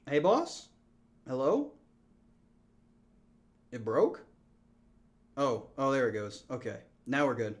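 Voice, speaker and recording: A man's voice: medium pitch, sing-song, takes it slowly, long pauses. A man streaming a strategy game, joking with chat, laughing often and counting numbers aloud. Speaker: gaming streamer. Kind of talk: casual live-stream chat.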